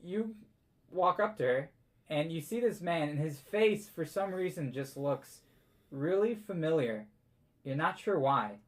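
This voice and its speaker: A man running a tabletop game as game master, telling the story in a relaxed way and chuckling often. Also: a little high, a little slow.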